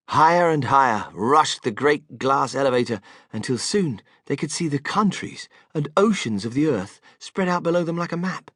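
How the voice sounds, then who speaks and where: Lively, expressive male audiobook narrator. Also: medium pitch, moderate pace, dry recording, studio quality. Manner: animated, expressive storytelling. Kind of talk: scripted narration.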